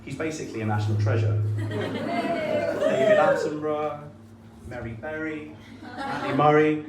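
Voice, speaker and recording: Dry-witted best man, lively pitch. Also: measured pace, over a noisy crowd. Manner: dry, mock-grand humour. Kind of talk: wedding speech. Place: wedding reception hall. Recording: echoey room, mic from far off, audible noise.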